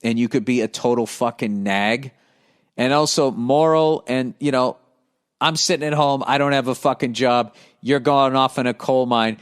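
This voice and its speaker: A man's voice: medium pitch, fairly even intonation, moderate pace, clear, resonant tone. A middle-aged man hosting a podcast, reading listener mail and riffing on it in a profane, sarcastic rant. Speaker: comedian podcast host.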